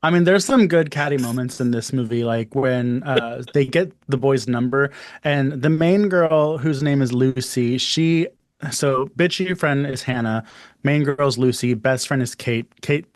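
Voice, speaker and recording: A man's voice: medium pitch, a little slow, no echo, clean studio sound. A man co-hosting a horror podcast in casual chat, gossiping animatedly about the cast. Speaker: podcast co-host.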